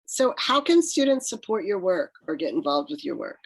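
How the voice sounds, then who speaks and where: A woman's voice: lowish voice, big pitch swings, moderate pace, slightly rough, poor audio. A woman professor moderating a talk over a video call, asking courteous and supportive interview questions.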